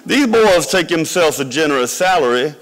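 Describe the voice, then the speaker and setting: A man voicing a blunt, folksy older male investor who talks loud and drawling, with hall reverb around him. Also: on the high side, lively intonation, moderate pace, voice pushed up. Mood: smug.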